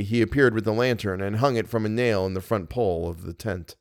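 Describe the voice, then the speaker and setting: A man reading a horror story aloud in a measured, grave way. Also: mid-range voice, no echo, studio quality. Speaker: podcast narrator. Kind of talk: scripted narration of a horror story.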